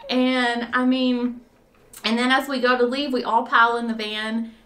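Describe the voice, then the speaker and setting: Woman telling a story in a halting way. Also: a little high, flat delivery, fairly bright tone, a little hiss or hum. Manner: rambling, halting with fillers and restarts; breaks into laughter while telling the story. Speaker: volunteer. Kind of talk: conversational storytelling.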